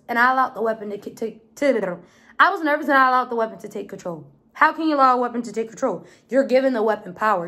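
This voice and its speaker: A woman's voice: a little high, fairly bright tone. A woman in her twenties with an American accent, telling stories in a casual, blunt vlog and swearing freely. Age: 20s. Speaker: vlogger.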